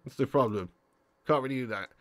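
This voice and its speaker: A young man casually chatting on a game live stream, jokey and quick to laugh. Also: mid-range voice, dry recording, clean studio sound.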